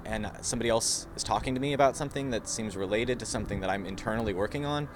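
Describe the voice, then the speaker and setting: A young vlogger talks casually to camera in a reflective, rambling monologue about himself, laughing at his own habits. His voice is on the low side and rapid-fire, with background noise.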